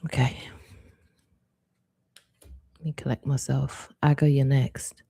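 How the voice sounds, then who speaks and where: A woman hosting a live stream, giving an intuitive card reading in a soft, reflective, unhurried way. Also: rumbling low, little pitch movement, creaky, breathy edge, no room sound.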